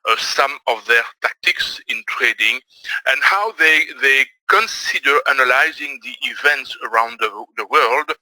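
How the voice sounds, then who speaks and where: A middle-aged man from Belgium with a Belgian French accent, giving a webinar presentation and pausing often on fillers. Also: mid-range voice, sharp tone, dry recording, low-quality recording. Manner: hesitant, many fillers. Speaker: trading presenter.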